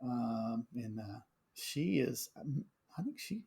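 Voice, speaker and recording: Gravelly-voiced man telling stories. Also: mid-range voice, takes it slowly. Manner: animated anecdotes with frequent fillers and restarts. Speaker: high school band director, podcast guest. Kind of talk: casual storytelling conversation.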